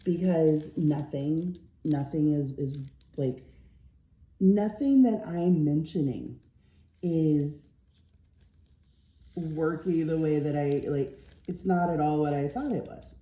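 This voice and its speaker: A woman's voice: deep voice, slow, long pauses, dark tone, reverberant. A middle-aged woman vlogger telling a rambling story while crafting, tired and yawning, with lots of fillers. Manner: rambling, chatty, with many fillers.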